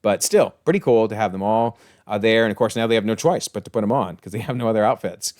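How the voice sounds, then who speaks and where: A man's voice: on the low side, fast, a little mellow, no echo, clean studio sound. A man giving a casual, enthusiastic episode breakdown, chatty with frequent exclamations and chuckles. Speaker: TV episode reviewer.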